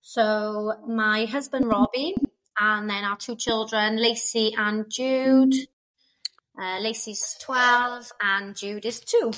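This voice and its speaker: A woman's voice: on the high side, fairly even intonation, takes it slowly, fairly bright tone, low-quality recording. A Welsh woman from Wales, a podcast guest chatting casually about her move abroad over a video call. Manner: chatty, laughs while telling stories. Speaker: guest, migrant to Australia. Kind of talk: casual interview chat.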